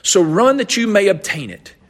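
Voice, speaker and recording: Husky-voiced pastor preaching in a reverberant hall. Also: male voice, sits high, very animated, normal speed. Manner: earnest, repeats and restarts phrases while explaining scripture. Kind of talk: sermon.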